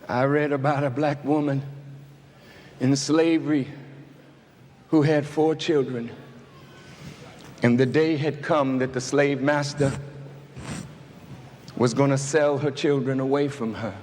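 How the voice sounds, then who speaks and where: A man giving an impassioned speech, deliberate and building to shouted peaks. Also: mid-range voice, steady tone. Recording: archive recording with long hall reverb and faint noise.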